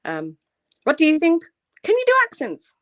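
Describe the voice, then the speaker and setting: A woman's voice: high voice, wildly swooping pitch, normal speed. A woman hosting a casual livestream panel over a video call, teasing and joking with her guests. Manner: playful, teasing, jokey.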